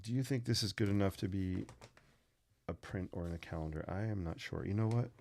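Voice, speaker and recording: A man teaching sketching on a livestream talks fairly quickly in a deep, creaky voice with a darkish tone. He rambles and jokes casually while drawing. The audio has no room sound.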